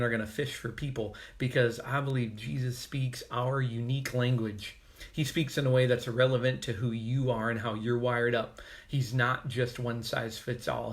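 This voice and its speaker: A man preaches a short daily devotional in an easygoing, conversational way. He talks like he's chatting with friends and drops in light jokes along the way. His voice sits at an ordinary middle pitch. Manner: casual, conversational, joking asides. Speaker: pastor. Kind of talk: devotional sermon.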